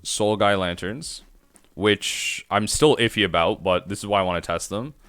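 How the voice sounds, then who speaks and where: A man's voice: lowish voice, moderate pace, fairly bright tone, dry recording. A man streaming a card game, thinking aloud in rambling self-talk as he plays. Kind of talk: live-stream gameplay commentary.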